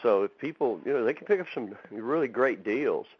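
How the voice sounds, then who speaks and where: In a medium-pitched, slightly rough voice, a barbecue pit builder who runs a fab shop talks animated and fairly quickly in a casual interview. He's a folksy storyteller who acts out quotes, captured on a dull, lo-fi, dry recording with no echo.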